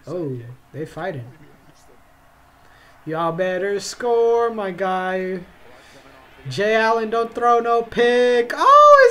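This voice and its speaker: A young man hosting a casual football reaction video, excitable and slangy, calling out bro after nearly every line. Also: high-pitched. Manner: excitable, yelps and drawls "bro" constantly. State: tired, yawning. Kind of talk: casual game reaction commentary.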